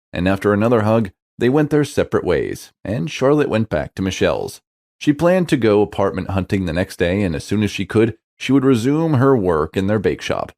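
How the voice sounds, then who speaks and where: Low-voiced man narrating a story. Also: darkish tone, no room sound, clean studio sound.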